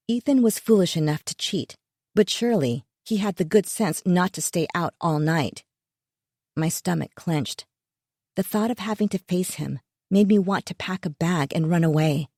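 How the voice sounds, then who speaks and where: A woman narrating a first-person thriller audiobook in a measured, tense way. Her voice sits low and mellow, and the recording is dry and close with no room sound. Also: no room sound.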